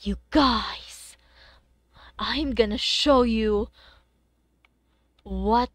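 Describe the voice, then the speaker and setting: A young woman streaming a game, chatting casually with her viewers, excitable and swearing freely. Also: high voice, slow, long pauses, no room sound. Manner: excitable, swears freely, gasps and shrieks in surprise.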